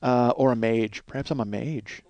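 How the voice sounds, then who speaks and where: A man's voice: medium pitch, fairly even intonation, moderate pace, mellow, no room sound. A middle-aged man hosting a solo podcast, telling rambling, crude, self-mocking stories. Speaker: podcast host.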